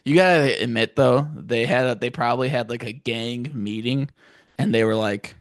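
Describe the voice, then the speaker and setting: A young man chats on a podcast with a gravelly, fry-edged voice. He is recorded dry and close. He laughs a lot, swears freely and slips into exaggerated character voices. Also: medium pitch, normal speed, no room sound. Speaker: podcast co-host. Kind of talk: casual chat.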